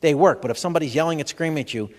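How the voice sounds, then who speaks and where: A man's voice: on the high side, rapid-fire. A man giving a comedic health seminar, firing jokey questions at the audience in a large expo hall. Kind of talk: stand-up style seminar talk. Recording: long hall reverb from a live venue.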